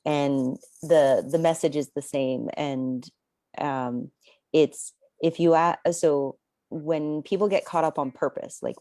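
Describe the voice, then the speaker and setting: A woman coach as an interview guest, speaking in a calm, thoughtful, unhurried way. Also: sits low, no room sound, clean studio sound. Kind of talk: casual conversational interview.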